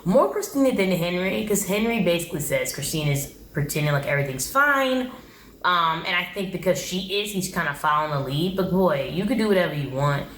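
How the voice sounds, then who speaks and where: Brief: young woman, lowish voice, blunt opinionated recap host, echoey room with faint hum. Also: expressive, fairly quick, fairly bright tone. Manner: blunt, opinionated, exasperated commentary. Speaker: TV show reviewer. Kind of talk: casual recap vlog.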